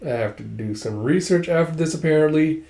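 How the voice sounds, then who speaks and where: A man's voice: a little high, lively intonation, brisk, creaky, dark tone. A man casually reading a manga aloud, reacting as he goes, in an echoey room. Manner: chatty, reacting aloud as he reads. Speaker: manga read-along host. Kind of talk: casual manga read-along.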